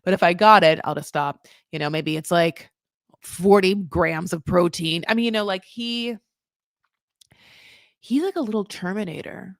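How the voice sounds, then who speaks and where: A woman hosting a casual recap show, talking in an animated, gossipy way with sudden jumps in pitch and loudness, dropping "honey" and "like" all the time. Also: moderate pace, gravelly, dry recording, clean studio sound. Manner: says "honey" and "like" often. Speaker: podcast host recapping a reality show. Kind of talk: casual commentary.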